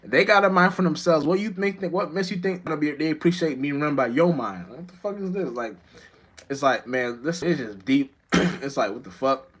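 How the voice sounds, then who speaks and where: A man's voice: a little high, brisk, fairly bright tone. Rambling, profane man on a live stream. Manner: rambling, profane, restless, with many restarts. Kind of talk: casual live-stream monologue.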